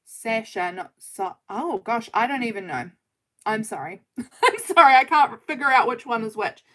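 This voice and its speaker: A woman's voice: a little high, animated, normal speed, a bit bright. A woman hosting a casual craft livestream from her desk at home, chatting in a rambling way and often laughing as she works. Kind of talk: casual live chat while crafting.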